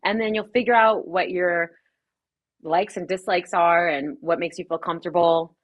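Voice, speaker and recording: A woman from Los Angeles, a DJ and streamer, talking fast and casually in a podcast interview, laughing often and swearing freely. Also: fairly low pitch, steady tone, dull audio. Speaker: DJ and streamer guest.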